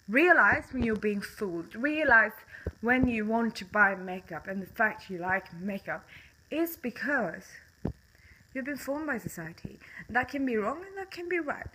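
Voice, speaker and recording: A woman's voice: medium pitch, lively intonation, measured pace, background noise. A young woman with a Swedish accent, speaking English in a casual monologue to camera, passionate and blunt, swearing often and breaking into bitter laughs.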